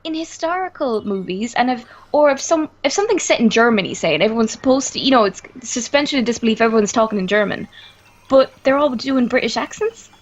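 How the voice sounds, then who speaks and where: A woman guest on a casual stream with a fairly high voice that leaps around in pitch. She talks in an animated, curious way and laughs easily. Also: quick pace, muffled recording. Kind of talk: casual chat.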